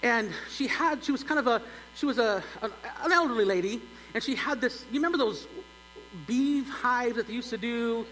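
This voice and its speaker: A middle-aged male pastor telling a humorous story in a sermon, animated and building to loud exclaims. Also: very high voice, normal speed. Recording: long church reverb, faint hum.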